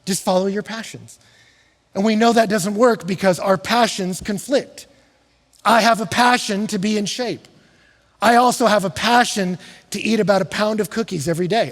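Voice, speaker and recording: A middle-aged male pastor preaching with a high, slightly husky voice. He is animated, dropping to quiet asides and then rising to shouts. The sound carries a long reverb from a large church hall. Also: moderate pace. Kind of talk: sermon.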